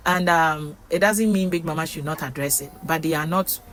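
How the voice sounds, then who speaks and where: A woman's voice: sits low, normal speed, fairly bright tone. A woman recapping a reality show in casual, chatty storytelling, with frequent fillers.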